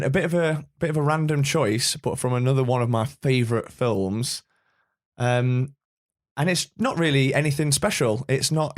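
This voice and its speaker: A man co-hosting a casual podcast, gushing and rambling like a devoted fan. His voice sits at an ordinary middle pitch for a man. He wanders through his thoughts out loud and keeps restarting them. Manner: enthusiastic, rambling fan talk. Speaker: podcast co-host. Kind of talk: casual chat.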